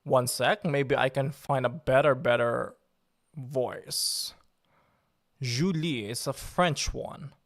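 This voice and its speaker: A man's voice: mid-range voice, slow pace, gravelly. A man hosting a livestream, talking casually, irritable at first, then joking as he answers viewer chat. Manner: irritable, then forces himself calm and joking. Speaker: livestream host.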